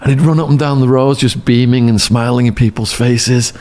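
A man's voice: mid-range voice, fairly quick. A man animatedly telling a story as a podcast guest, laughing often. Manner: animated storyteller, lots of laughing and acted quotes. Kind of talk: casual storytelling.

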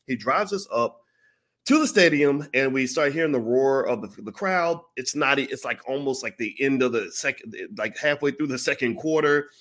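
A man's voice: medium pitch, normal speed. A man casually telling a long, profane personal story, acting out the voices of the people in it. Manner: animated, profane, acts out quoted voices.

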